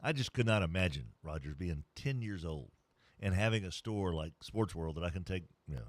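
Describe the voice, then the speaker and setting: A low-pitched man with lively intonation talks fairly quickly, with no room sound around him. Hosting a morning sports radio program, he plays around during the live ads, cracking jokes, dropping to mock whispers and trying silly voices.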